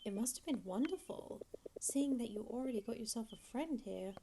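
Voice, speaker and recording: A woman's voice: on the high side, lively intonation, normal speed, gravelly, noisy background. A woman putting on the voice of a cheerful, teasing middle-aged mother in a video game. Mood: doting. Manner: warm, doting and chatty. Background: game music.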